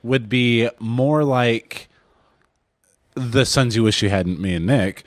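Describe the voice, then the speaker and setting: A man co-hosts a casual podcast. He jokes and asks questions. His pitch is ordinary, and the recording is dry. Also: takes it slowly, dry recording. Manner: joking, laughing questioner.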